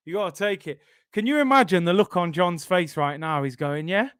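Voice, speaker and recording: A young man reacts live to a football match, his high voice jumping between chatty banter and excited shouts. His tone is smooth and clear, and it sits close and dry with almost no room sound. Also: a little fast, no room sound. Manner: excitable, shouts and repeats himself at big moments, banter with chat. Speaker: football watchalong streamer.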